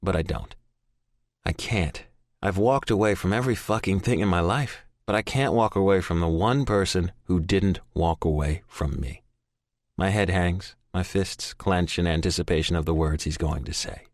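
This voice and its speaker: A man's voice: deep voice, moderate pace, no echo. A man narrating a first-person romance audiobook in an intense, brooding and profane voice, close to a studio mic.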